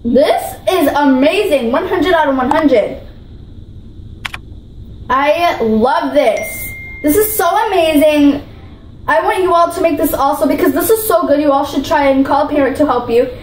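A high-voiced woman gushes over food in an excitable vlog, bubbly and repeating her praise. Her voice rings in an echoey room, with a faint hiss behind it. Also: normal speed. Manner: bubbly, gushing, repeats herself. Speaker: vlogger.

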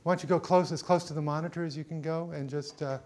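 A man's voice: on the high side, fairly even intonation, fast, darkish tone. A middle-aged man teaching a cinematography workshop, thinking aloud with many fillers and restarts as he sets lights in a studio. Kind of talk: hands-on lighting demonstration.

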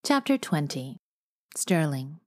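A woman narrating a romance audiobook in a steady first-person storytelling manner. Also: low voice, takes it slowly. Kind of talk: scripted narration.

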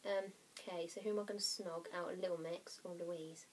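A woman's voice: on the low side, steady tone, brisk, darkish tone, slight background noise. Chatty rambling young woman vlogger. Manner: rambling, apologetic, giggly, drops to whispers. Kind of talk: casual chatty vlog.

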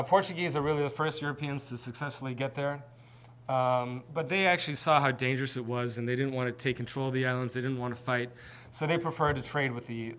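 A man presenting a seminar, telling history in an informal, conversational way. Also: medium pitch. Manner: conversational storytelling. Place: presentation with slides.

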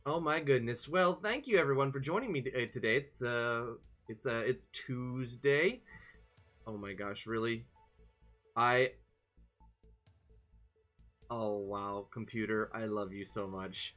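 Brief: lively streamer voice, bright tone, soft music underneath, playful chat style. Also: mid-range voice, takes it slowly, pauses often. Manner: bubbly, playful, greets chat by name. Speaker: variety game streamer.

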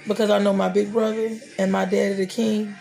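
Mellow-voiced woman preaching over faint music. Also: mid-range voice, little pitch movement, a little fast, gravelly. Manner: preacherly, repetitive cadence. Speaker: podcast host. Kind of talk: prayer and faith talk.

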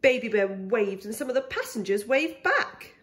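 Animated woman reading a picture book. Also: on the high side, moderate pace. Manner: expressive, animated storytelling. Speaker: pre-school story reader.

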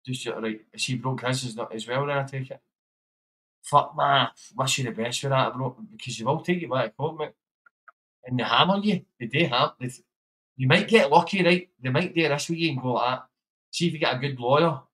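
A man's voice: mid-range voice, a bit bright, low-quality recording. A man hosting a livestream, chatting casually, swearing and laughing as he hands out blunt advice. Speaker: livestream host.

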